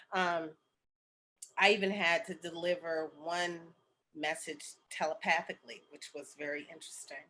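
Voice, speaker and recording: This middle-aged woman speaks in a lowish, somewhat bright voice. She's a spiritual medium and healer telling a personal story casually and chattily, sprinkling in fillers and asides like "okay?" and "right?".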